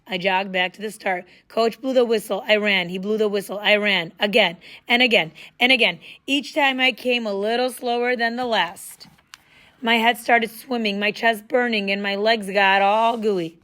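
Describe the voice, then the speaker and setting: Woman reading a kids' novel aloud, easygoing and lively. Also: mid-range voice, normal speed. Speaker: audiobook narrator. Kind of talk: first-person story narration.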